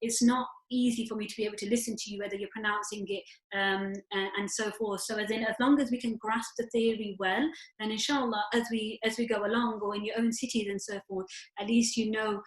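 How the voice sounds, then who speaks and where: A woman teaching Quran recitation rules in an online class. She explains each rule step by step and recites verses slowly. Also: mid-range voice, roomy sound, low-quality recording. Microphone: video call.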